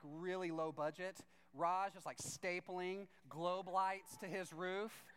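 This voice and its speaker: A man's voice: sits high, fairly bright tone. A man preaching a sermon through a chatty personal story, acting out both sides of each conversation and leaning on "like" as he talks. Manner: chatty, leans on "like" as filler.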